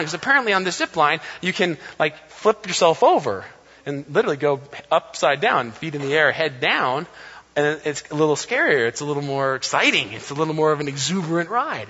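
A man in his thirties preaching a sermon as a pastor, telling stories in an animated way and acting out quotes playfully. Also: high-pitched, slightly rough. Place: church sanctuary. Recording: dull, long reverb of a church hall.

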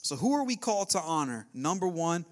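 A man preaching a sermon, animated and conversational, acting out little asides as he goes. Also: fairly high pitch, fairly quick. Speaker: pastor.

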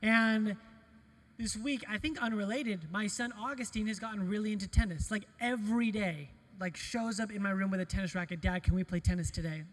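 A middle-aged man, a pastor, preaching a conversational sermon full of personal stories, animated and self-deprecating. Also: high voice, normal speed. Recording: long hall reverb.

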